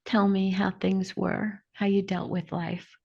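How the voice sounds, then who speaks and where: A woman's voice: medium pitch, flat delivery, unhurried, creaky, a little mellow, slightly rough. A woman hosting a podcast interview, offering short supportive replies and sharing her own story. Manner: supportive, brief affirmations. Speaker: podcast host. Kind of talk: conversational interview. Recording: dull lo-fi audio.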